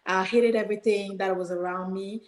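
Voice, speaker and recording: A woman's voice: medium pitch, fairly even intonation, brisk, reverberant. A woman guest on a podcast, telling a personal story earnestly and animatedly, quoting her own prayers.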